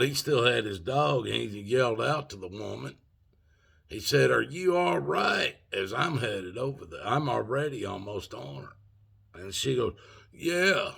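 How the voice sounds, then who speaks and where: A man's voice: fairly low pitch, gravelly, fairly bright tone, husky. A man of sixty telling a story in a rambling, folksy way with loose grammar. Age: 60s. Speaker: vlogger. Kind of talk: casual storytelling.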